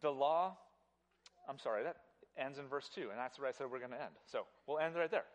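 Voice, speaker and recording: A pastor preaching a sermon at a church service, emphatic and animated, often repeating words and speaking straight to the congregation. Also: male voice, mid-range voice, a little fast.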